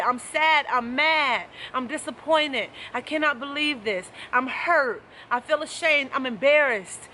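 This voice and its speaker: A woman's voice: sits high, pushed and bright, slight background noise. A woman life coach giving an emphatic, preachy motivational talk to camera, repeating her key phrases.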